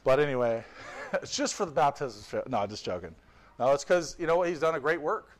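A man's voice: mid-range voice, big pitch swings, fairly quick. A man preaching a sermon with fervor, reading scripture and adding joking asides. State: tired. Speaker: visiting pastor.

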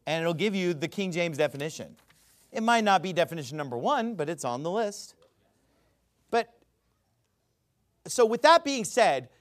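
A man giving a ranting commentary, emphatic and sarcastic, who often stammers and restarts his sentences. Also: sits high. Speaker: religious commentator.

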